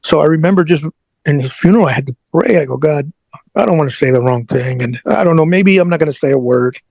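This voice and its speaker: A man's voice: fairly high pitch, quick pace, gravelly, a little mellow, dry recording. A man who is a guest on an interview show, telling a personal story earnestly and often repeating his words.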